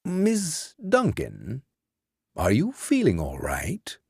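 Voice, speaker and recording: A gracious, formal old grandfather in a horror storybook, voiced by a male narrator. He speaks in an unhurried, courtly way, his gravelly voice rising and falling with lively pitch. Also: dry recording, clean studio sound, heavily acted. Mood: courteous.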